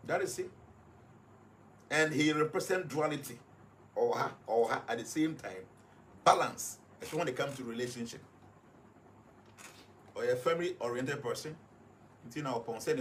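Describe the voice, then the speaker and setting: Emphatic Ghanaian man, slightly high voice. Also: fairly bright tone, a little hiss or hum. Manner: emphatic, repeats points to stress them. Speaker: guest analyst. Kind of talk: explanatory commentary.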